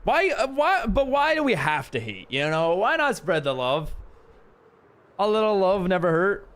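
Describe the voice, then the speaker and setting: An American man talks casually through a live game stream, reading messages from his chat and answering them as he builds. His voice sits fairly high for a man, and his pitch swings widely as he talks. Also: big pitch swings, moderate pace, fairly bright tone. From United States. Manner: chatty, reads and answers chat while building.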